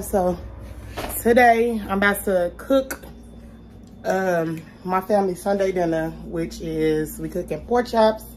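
Chatty woman with a low voice, cooking vlog. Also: a little mellow, slight background noise. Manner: chatty, talks straight to viewers with lots of y'all. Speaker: vlogger. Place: home kitchen.

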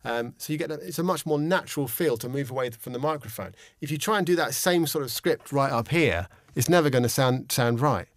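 Relaxed man explaining studio technique. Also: mid-range voice, brisk, hardly any pauses, no room sound. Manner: relaxed, explanatory, many ums and restarts. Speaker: instructor. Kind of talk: casual instructional explanation. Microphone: studio condenser microphone with pop shield.

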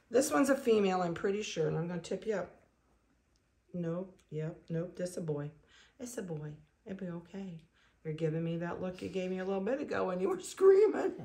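Breeder lady talking casual, kinda low voice, lots of fry, coos softly now and then. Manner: chatty, coos softly to puppies. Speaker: dog breeder. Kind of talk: casual video narration.

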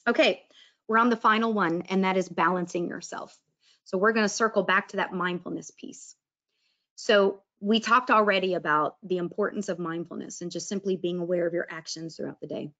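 A woman with a lowish, sharp-toned voice speaks briskly in a casual presentation on mindfulness and breath work, and the audio is dull. She's chatty and acts out quoted inner voices.

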